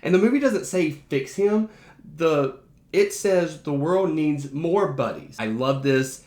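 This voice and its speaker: A man's voice: a little high, lively intonation, slow pace, darkish tone. A man who works as a teacher, ranking favorite movies in a casual, enthusiastic and emphatic way. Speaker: teacher and behavior analyst. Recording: roomy echo.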